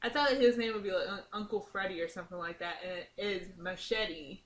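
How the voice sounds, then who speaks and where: A young woman chatting casually with friends about a cartoon, quick and giggly, often correcting herself. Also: mid-range voice. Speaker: podcast co-host. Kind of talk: casual fan chat.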